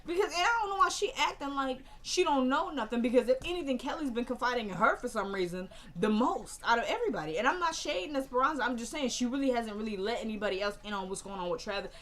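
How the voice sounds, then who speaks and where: A woman's voice: on the high side, expressive, fairly bright tone. A woman recapping a TV episode in casual chat, chatty and opinionated, quoting the characters' lines and turning to her viewers with asides. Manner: chatty, acts out characters' lines in quick bursts.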